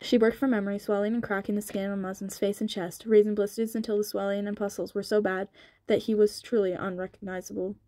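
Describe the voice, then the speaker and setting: A woman narrates a novel in a sped-up audiobook, reading steadily with the odd small slip. Her tone is mellow and her delivery stays flat. The recording is dry and close. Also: mid-range voice, quick pace, dry recording.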